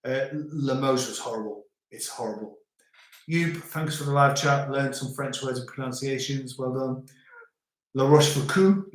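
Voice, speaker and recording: A man's voice: medium pitch, steady tone, moderate pace. A middle-aged man hosting a casual livestream, reading viewer comments aloud in a chatty way and trying out French words. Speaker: livestream host. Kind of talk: casual live chat. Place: home, indoors. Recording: very echoey room.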